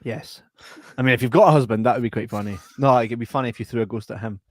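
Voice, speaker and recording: Talking very fast at a medium pitch, this man hosts a laid-back podcast where he cracks jokes, curses without restraint and reads messages from listeners. The studio-quality audio has no room sound at all.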